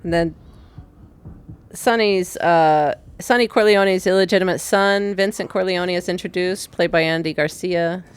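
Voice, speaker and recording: A woman's voice: on the low side, unhurried, clean tone. A woman co-hosting a podcast in casual chat, telling it animatedly and laughing often. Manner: giggly, animated storytelling. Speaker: podcast co-host.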